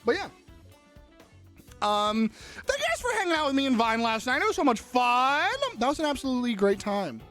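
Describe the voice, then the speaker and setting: A livestreamer talking loosely with chat, voice jumping around in pitch as they ramble from one thing to the next. They giggle a lot and swear without a second thought. Faint music plays underneath. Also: sing-song, normal speed, a bit bright. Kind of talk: casual chat with viewers.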